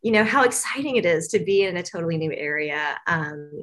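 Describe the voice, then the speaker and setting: A woman from Tennessee talks as a guest on a university interview show. Her voice sits somewhat low, and she rambles in a friendly way with plenty of fillers and small laughs. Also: lively intonation, a little fast, fairly bright tone. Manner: chatty, rambling with many fillers, laughs often. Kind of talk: casual interview answers.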